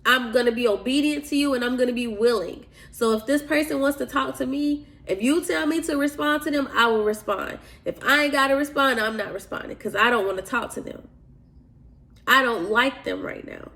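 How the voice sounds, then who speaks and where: A woman's voice: sits high, a little fast, a bit bright. A woman hosting a podcast, speaking earnestly and confidingly as she shares a personal faith testimony. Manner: earnest, confiding, addresses listeners as y'all. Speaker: podcast host.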